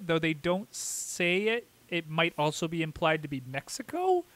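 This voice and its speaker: A man's voice: on the high side, lively intonation, normal speed, hardly any pauses, pushed and bright. A man co-hosting a podcast, casually recapping an episode in a chatty play-by-play and briefly mimicking the characters' lines. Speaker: podcast co-host.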